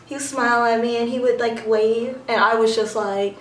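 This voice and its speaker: A young woman chatting excitedly to her viewers in a storytime vlog, animated and giggly with lots of fillers. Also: fairly high pitch, moderate pace, echoey room. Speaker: vlogger.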